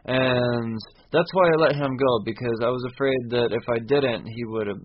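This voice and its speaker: A man's voice: medium pitch, normal speed, highs cut off, a little hiss or hum. A man casually recapping a comic story, rambling and profane, with frequent restarts and laughing at his own slips.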